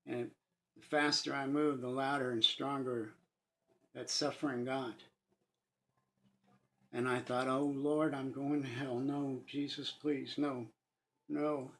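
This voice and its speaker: Middle-aged man, gravelly, telling his life testimony earnestly, halting, near tears. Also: medium pitch. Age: 50s. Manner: earnest, halting, with restarts and pauses. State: moved to tears at times. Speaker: sharing a personal testimony. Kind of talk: emotional first-person testimony.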